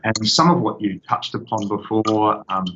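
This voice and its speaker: Young guy researcher asking a question, lots of ums, deep-ish voice, muffled sound. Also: a bit bright, slight background noise. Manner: polite, halting, many ums. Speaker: doctoral researcher, co-interviewer. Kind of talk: academic interview question. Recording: muffled, dull audio.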